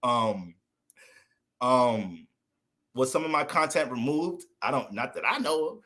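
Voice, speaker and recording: An American astrologer rants through a casual livestream in a mid-range voice at a measured pace, pausing often. He is animated and profane, joking, cursing and laughing as he goes.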